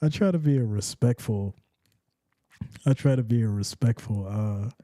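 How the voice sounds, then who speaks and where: Hushed, laid-back streamer man with a dark voice. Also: fairly low pitch, moderate pace, dry recording, clean studio sound. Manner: laid-back, kept hushed so as not to wake his kids. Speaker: sports reaction streamer. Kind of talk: casual live-stream chat and play-by-play.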